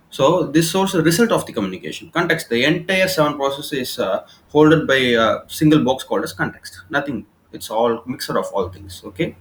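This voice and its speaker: A man's voice: mid-range voice, fairly bright tone, a little hiss or hum, rough recording. A man teaching communication skills over slides, explaining informally and often checking "okay?" between points. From India. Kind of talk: recorded slide lecture. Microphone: laptop recording.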